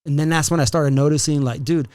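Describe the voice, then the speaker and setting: Dude hosting a podcast telling a wild story, kinda high voice, swears a lot, throws in spanish. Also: male voice, fast talker, smooth. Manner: profane, animated storyteller, mixes in Spanish phrases. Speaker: podcast host. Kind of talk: casual storytelling chat.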